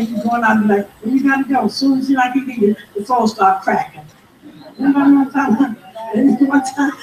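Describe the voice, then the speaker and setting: A woman leading a Bible study, animated and calling for amens as she reads scripture. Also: high-pitched, a little hiss or hum. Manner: animated, calls for amen, reads scripture aloud. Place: church room. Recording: roomy, distant mic, faint background.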